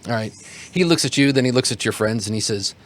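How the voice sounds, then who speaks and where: A man narrating as game master of a tabletop game at a middling pitch. He talks in a rambling, halting way and circles back with plenty of fillers and restarts. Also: expressive.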